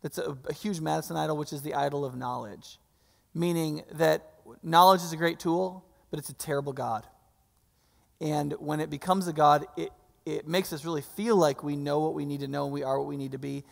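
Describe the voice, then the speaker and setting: Gravelly-voiced pastor preaching in a hall. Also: male voice, fairly high pitch, fairly even intonation, a little fast. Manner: conversational preaching, frequent restarts and rhetorical questions. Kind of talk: sermon. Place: church sanctuary. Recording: long church hall reverb.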